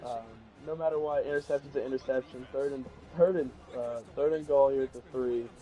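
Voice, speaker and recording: A man's voice: medium pitch, fairly quick, poor audio. Rambling young male game commentator. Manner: rambling, restarts, bursts of excitement on big plays. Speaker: play-by-play commentator. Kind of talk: casual video game commentary.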